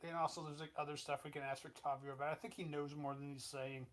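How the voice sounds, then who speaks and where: A man playing in a tabletop role-playing game, talking in halting bursts full of fillers. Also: on the high side, level tone. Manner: halting, lots of fillers and restarts. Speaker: player.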